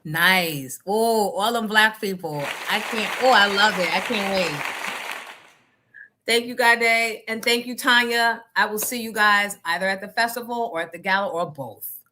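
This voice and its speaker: Outspoken NJ woman, livestream host, bright and forceful delivery. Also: medium pitch, measured pace, slight background noise. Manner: outspoken, talks back to the chat. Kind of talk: casual livestream chat.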